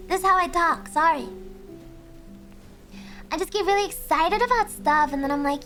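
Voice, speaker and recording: Young woman streamer, very high soft voice, giggly, chatty, faint music underneath. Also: expressive, normal speed, long pauses. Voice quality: high voice, speaking softly. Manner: giggly, chatty, reads chat aloud. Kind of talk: casual chat with viewers. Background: faint background music.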